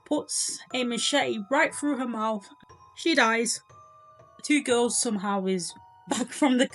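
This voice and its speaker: A woman's voice: mid-range voice, fairly bright tone, poor audio. Chatty young woman recapping a movie. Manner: chatty and incredulous, lots of "like" fillers. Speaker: movie reviewer. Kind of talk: casual movie review, plot recap.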